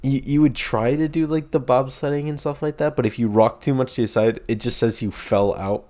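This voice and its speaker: A man's voice: medium pitch, brisk, warm tone. A young man co-hosting a podcast, telling rambling stories in casual chat with lots of fillers and laughter. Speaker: podcast co-host.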